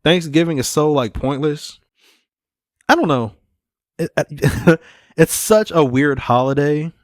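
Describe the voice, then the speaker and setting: Profane, rambling young podcast host. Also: male voice, on the high side, slow pace, no room sound, clean studio sound. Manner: profane, rambling, laid-back. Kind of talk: casual solo podcast chat.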